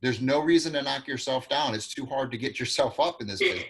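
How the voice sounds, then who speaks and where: A man running an acting class over a video call, speaking at a middle pitch. He gives students direct, encouraging notes and practical tips about staying in character. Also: fast, a bit bright, husky. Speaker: acting coach. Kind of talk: online acting class feedback.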